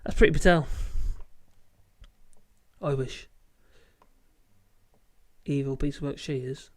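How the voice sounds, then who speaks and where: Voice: mid-range voice, fairly even intonation, slow pace. A casual livestream host, who rambles, laughs often and swears freely while reading viewer comments. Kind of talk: casual live chat.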